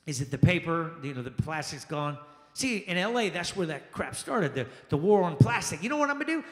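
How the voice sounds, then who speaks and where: Man, stand-up comedian, high lively voice, echoey lounge with long reverb. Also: brisk. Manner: animated, exclamatory, acts out quoted people. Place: jazz lounge stage.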